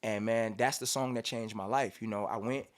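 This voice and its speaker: In a studio interview, a rapper in his thirties from Cincinnati, USA tells stories casually as an animated storyteller, acting out quotes and humming beats. His voice is lowish and his speed normal.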